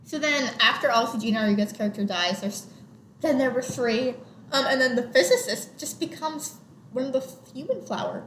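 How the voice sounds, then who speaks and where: A woman's voice: sits high, normal speed, fairly bright tone. A young woman co-hosting a casual movie podcast, recapping plots in a chatty way and filling her talk with "like". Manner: chatty, heavy use of "like" fillers, recaps plots. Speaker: podcast co-host. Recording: echoey room with faint noise.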